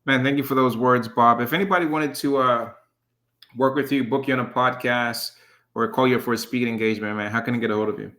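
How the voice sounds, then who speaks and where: A man's voice: mid-range voice, steady tone, fast, pushed and bright. A man hosting a casual podcast interview, friendly and easygoing. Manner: friendly, says "man" a lot. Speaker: podcast host.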